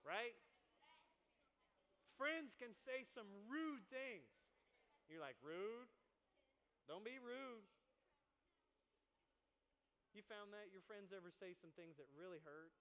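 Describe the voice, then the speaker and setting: Youth pastor, man, high bright voice, joking and animated, long hall reverb. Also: measured pace, pauses often. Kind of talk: youth sermon. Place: church youth service hall.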